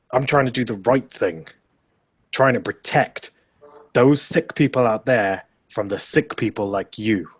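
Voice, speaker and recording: A man's voice: medium pitch, husky, no echo. A man playing an angry, self-righteous male doctor in a tabletop role-playing game, speaking with indignation. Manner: indignant shouting.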